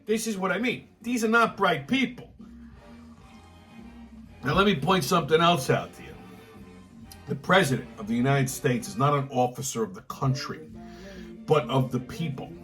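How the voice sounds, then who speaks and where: A man's voice: a little high, expressive, moderate pace, long pauses, fairly bright tone, soft background music. A man hosting his own political commentary show, ranting angrily and emphatically with constant swearing. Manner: angry, emphatic, repeats himself, swears constantly. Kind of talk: profane ranting monologue.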